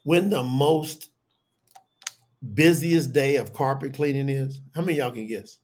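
A middle-aged man preaches a sermon in a mid-range voice at a measured pace. He speaks animatedly and calls out to his listeners as "y'all."

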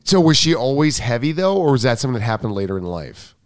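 A man's voice: medium pitch, very animated, quick pace, dry recording, studio quality. A man hosting a podcast, chatting in a rambling, joking way and often cutting himself off. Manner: rambling, joking, self-interrupting. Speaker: podcast host. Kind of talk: casual podcast chat.

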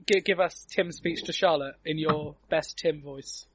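A man hosting a casual film commentary chat over a video call, chatty and quick to laugh. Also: fairly high pitch, slight background noise. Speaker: podcast host.

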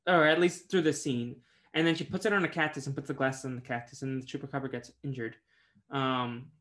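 A man's voice: mid-range voice, a bit bright. A man co-hosting a podcast in casual chat, rambling and correcting himself as he recaps scenes. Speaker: podcast co-host.

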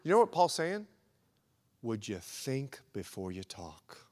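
A man's voice: medium pitch, very animated, measured pace. A man preaching a sermon as pastor, emphatic and repetitive, swelling and dropping in intensity. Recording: echoey hall recording.

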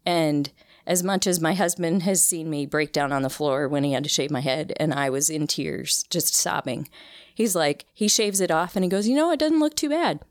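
Woman in her 30s, low voice, earnest and emotional, lots of restarts, dry close sound. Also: fairly even intonation, moderate pace, no echo. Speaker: interview guest, cancer survivor. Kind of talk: casual conversational interview.

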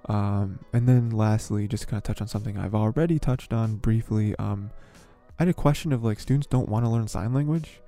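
A man's voice: on the low side, fairly quick, mellow, faint music behind. A young man hosting a podcast, talking in a rambling, filler-heavy, exasperated way. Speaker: podcast host. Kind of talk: casual commentary.

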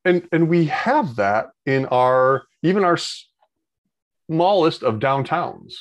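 A man's voice: fairly high pitch, very animated, slow, no echo. A man, talking in a casual podcast chat, rambling with many restarts. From Ohio, United States. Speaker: guest.

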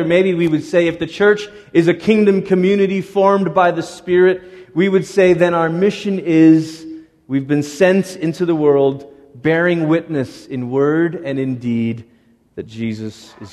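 A middle-aged man preaching a sermon as a pastor, lively and conversational, now and then acting out the voices of people in the story. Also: fairly high pitch, unhurried. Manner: animated, acts out voices of Moses and God. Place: church sanctuary. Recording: long reverb of a church hall.

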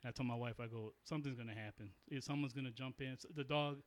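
A man's voice: medium pitch, fairly even intonation, fast talker. A man in his forties telling long, rambling stories in casual chat, swearing freely and restarting his sentences often. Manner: rambling storyteller, profane, many restarts.

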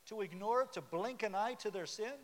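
Preaching in a church sanctuary, a pastor with a high-pitched, fairly quick voice keeps things conversational and quizzes the congregation. The recording carries a long hall reverb and faint hiss.

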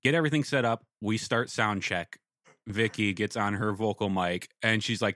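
A man's voice: lowish voice, moderate pace, a bit bright, no echo, clean studio sound. A man who works as a sound engineer, telling a wry story in casual podcast chat.

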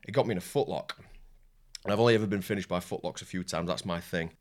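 A Yorkshire man talking as a guest on a casual podcast, his voice a little low. He tells candid stories, restarts his sentences often and swears freely. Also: quick pace. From Yorkshire, England. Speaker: jiu-jitsu coach and competitor, guest.

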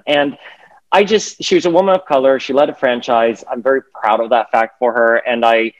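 A man co-hosting a podcast in casual chat, talking animatedly with quick restarts. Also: mid-range voice, highs cut off. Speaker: podcast co-host.

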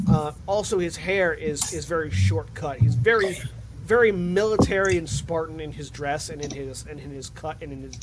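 A man's voice: a little high, noisy background. A man running a tabletop game online, chatty and swearing casually. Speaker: game master.

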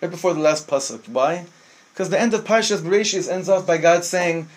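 Husky, impassioned man teaching Torah. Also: a little high, a little fast. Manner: impassioned, mixes Hebrew phrases, acts out angel voices. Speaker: rabbi teaching. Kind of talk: Torah class sermon.

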